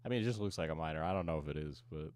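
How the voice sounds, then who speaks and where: A man's voice: very deep voice, rapid-fire, a little mellow. A man streamer giving casual, rambling reaction commentary and chuckling often.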